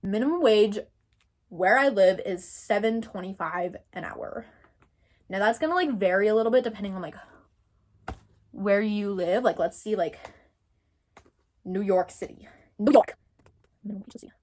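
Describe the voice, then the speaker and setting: A woman's voice: mid-range voice, unhurried, long pauses, a little mellow. A young woman from Texas giving casual commentary, thinking aloud and rambling with lots of filler words. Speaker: commentary creator.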